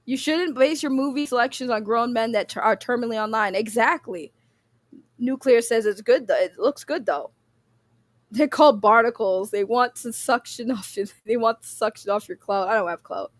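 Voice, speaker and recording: A woman's voice: on the high side, moderate pace, dry recording. A woman hosting a livestream and reading chat, ranting in an impassioned, profane way and getting emotional, close to tears. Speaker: streamer host.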